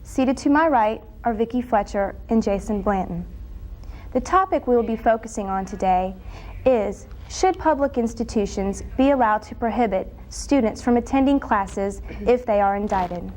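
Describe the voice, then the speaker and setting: A woman's voice: fairly high pitch, normal speed, darkish tone, slight background noise, rough recording. A young woman from Florida moderating a student discussion panel, reading formal introductions with the odd slip. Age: young adult. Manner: reads introductions evenly, with small slips.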